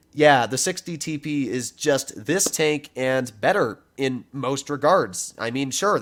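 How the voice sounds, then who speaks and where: A young man giving emphatic, argumentative commentary over his own gameplay. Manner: lively, animated pitch, argumentative and emphatic. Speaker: gaming commentator.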